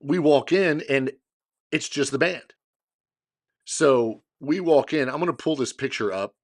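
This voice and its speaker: A middle-aged man co-hosting a podcast, retelling a story in a casual, animated way and acting out what others said. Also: on the high side, measured pace. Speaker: podcast co-host.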